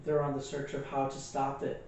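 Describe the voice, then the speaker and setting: A man's voice: medium pitch, monotone, moderate pace, a little mellow, heavy reverb, recorded from a distance, slight background noise, poor audio. A man co-hosting a casual movie review, recapping the plot in a rambling way with many fillers and restarts. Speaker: podcast co-host.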